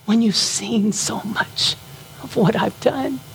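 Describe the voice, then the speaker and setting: A woman preaching a sermon, impassioned, at times rising to shouts with a breaking voice. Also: fairly high pitch, slow pace, gravelly, a little hiss or hum.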